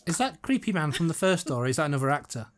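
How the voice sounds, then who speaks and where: A man's voice: fairly high pitch, very animated, racing. An English man co-hosting a casual film commentary, making playful, jokey asides. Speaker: podcast co-host.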